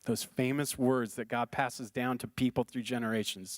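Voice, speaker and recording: A man's voice: medium pitch, steady tone, moderate pace, hardly any pauses, no echo, studio quality. A male pastor preaching a sermon in an earnest, conversational way, often repeating phrases for emphasis.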